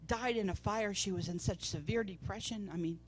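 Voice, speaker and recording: During a church service, a woman preacher delivers a testimony sermon, telling her personal story and acting out the voices of people she quotes. She speaks briskly in a medium-pitched, slightly rough voice.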